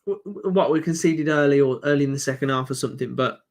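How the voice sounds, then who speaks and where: A man with a Birmingham accent, co-hosting a football reaction stream in rambling, giggly casual chat. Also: mid-range voice. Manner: rambling, giggly, quick to laugh.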